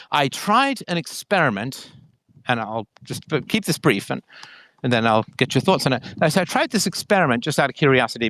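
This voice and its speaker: A man's voice: mid-range voice, a bit bright, no room sound. A middle-aged man hosting a call-in show, explaining points to a caller with repeated catchphrases and quoted examples. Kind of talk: conversational monologue to a caller.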